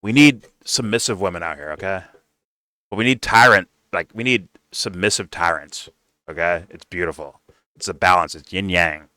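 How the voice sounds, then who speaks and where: A man's voice: deep voice, moderate pace, bright, forceful tone, dry recording, clean studio sound. A young man hosting a reaction commentary, cursing and mocking in a blunt, sarcastic way. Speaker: commentary host reacting to clips.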